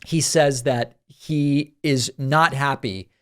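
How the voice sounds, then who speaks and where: A man's voice: medium pitch, fairly even intonation, slow pace. A man hosting a political news commentary show, delivering dry, sarcastic remarks. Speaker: host.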